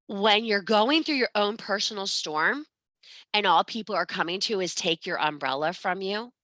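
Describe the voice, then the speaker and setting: A woman's voice: medium pitch, bright, forceful tone, dry recording. A woman giving an informal spiritual talk in a blunt, emphatic and profane way. She speaks as a parent. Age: adult parent.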